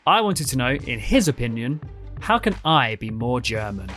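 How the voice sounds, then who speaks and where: A man's voice: medium pitch, very animated, normal speed, a bit bright, faint music behind. A man hosting a travel show, presenting in a chatty, jokey way. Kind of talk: casual presenting.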